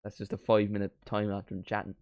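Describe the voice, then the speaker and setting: A young man doing a live football watchalong, reacting to the match and chatting with viewers, bursting into shouts at big moments. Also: fairly low pitch, completely flat delivery, fast talker, dry recording, clean studio sound. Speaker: watchalong streamer.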